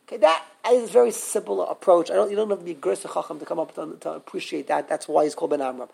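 Racing through a live Torah lesson, this man speaks in a high, husky voice with vocal fry. He's animated, keeps questioning the students, and frequently starts sentences over.

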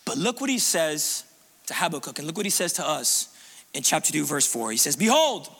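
A man preaching a sermon in a church, conversational and animated, with lots of restarts and casual fillers. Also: a little high, fairly quick, vocal fry, breathy edge. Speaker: pastor. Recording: long reverb of a large room.

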